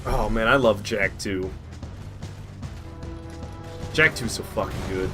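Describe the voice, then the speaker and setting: Profane excitable male game streamer. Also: fairly low pitch, slow pace. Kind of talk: casual game commentary. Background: faint game music.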